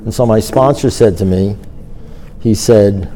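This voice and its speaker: An older man shares his recovery story at a meeting. His voice is mellow, and he acts out past conversations with lively storytelling. Faint hiss sits under the recording. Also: fairly low pitch, unhurried. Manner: storytelling, animated, acts out dialogue. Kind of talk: personal testimony talk.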